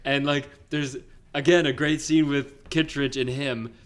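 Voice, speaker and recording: A young male podcast co-host in loose, casual film chat. His voice sits at an ordinary mid pitch, and he talks in a rambling, excited way that keeps stalling on fillers and restarting. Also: a little slow, a loud crowd.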